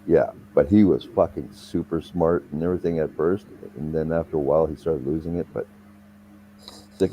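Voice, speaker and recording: A man's voice: extremely low pitch, brisk, lo-fi sound, a little hiss or hum. A young man casually telling a rambling, profanity-laced story in conversation. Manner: profane, rambling anecdotal delivery.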